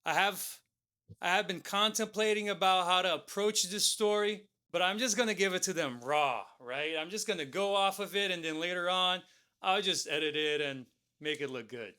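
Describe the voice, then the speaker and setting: A man's voice: high voice, moderate pace, sharp tone, clear, resonant tone. A man co-hosting a talk show, telling a motivational story and tagging his lines with "right?" and "okay?". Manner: keeps adding "right?" and "okay?". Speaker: co-host.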